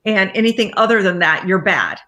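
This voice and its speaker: A woman speaking as a guest life coach, telling her story in a casual interview, animated and acting out the voices of people she quotes, often laughing. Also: mid-range voice, fairly quick. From Iraqi family background, raised in America.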